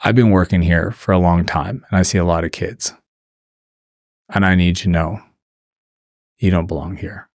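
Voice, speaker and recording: A seasoned prison guard, stern yet caring, speaks quietly and earnestly, as a man quotes him in a story. His voice sits low and sounds dry. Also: steady tone, moderate pace, long pauses, no echo.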